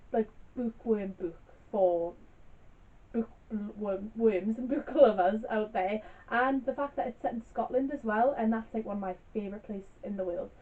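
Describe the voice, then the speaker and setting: A young woman talks through her book picks in a loose, rambling way, filling her sentences with giggles and fillers. Her voice sits a little high, and it comes across thin and tinny, as if heard over a phone line, with the speaker set back from the mic. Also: far from the mic. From Newcastle, England. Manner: chatty and rambling, full of "like" and giggles. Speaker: book vlogger. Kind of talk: casual book review chat.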